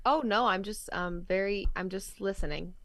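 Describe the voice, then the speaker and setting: A woman's voice: mid-range voice, moderate pace. A woman guest co-hosting a sports show, giving blunt, firm opinions in casual debate. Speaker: guest co-host.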